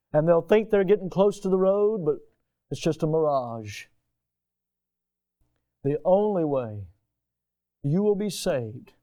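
Emphatic American preacher, mellow voice. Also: male voice, on the high side, clear, resonant tone. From United States. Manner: emphatic preacher, swinging between hushed and loud. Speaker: pastor. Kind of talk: sermon.

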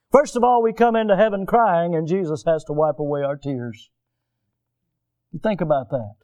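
A male preacher delivering a sermon, with animated storytelling in which he acts out the people he describes. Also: fairly high pitch.

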